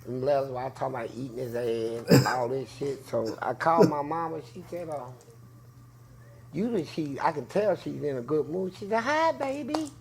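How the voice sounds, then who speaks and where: A man in an interview telling prison stories in a loud, profane way, acting out voices. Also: normal speed, vocal fry. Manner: profane, acts out voices with big pitch jumps. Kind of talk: animated storytelling.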